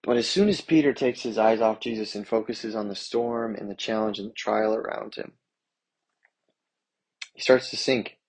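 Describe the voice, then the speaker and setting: A man with a low, gravelly and somewhat husky voice, preaching. He reads scripture aloud and then explains it in earnest, everyday words. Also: moderate pace, darkish tone, rough recording. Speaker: pastor. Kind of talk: sermon with scripture reading.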